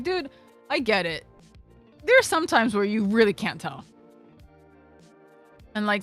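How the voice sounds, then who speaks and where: A young woman streamer rambles through a casual story in a slightly high voice, leaning on fillers and swearing freely. Faint music sits under her voice. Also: fairly bright tone.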